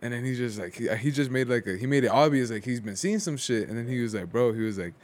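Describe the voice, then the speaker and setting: A man talks fast and loosely, full of fillers and slang. His pitch is mid-range. He speaks in a casual, unpolished way. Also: expressive, a little mellow. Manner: slangy, rambling with many fillers. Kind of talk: casual storytelling.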